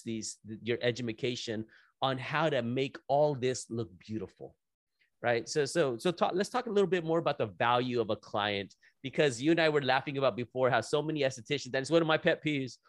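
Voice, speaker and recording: A man's voice: mid-range voice, moderate pace, no echo. Guy hosting a chatty interview, keeps restarting his sentences, dry close sound. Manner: animated, repeats words as he restarts sentences. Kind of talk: casual conversational interview.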